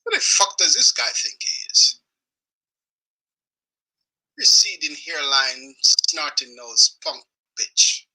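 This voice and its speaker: Man, angry profane rant, very bright and tense tone, somewhat husky, pitched a bit high. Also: big pitch swings, takes it slowly, pauses often, low-quality recording. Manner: angry, profane, shouting in bursts. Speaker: video blogger. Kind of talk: weekly rant.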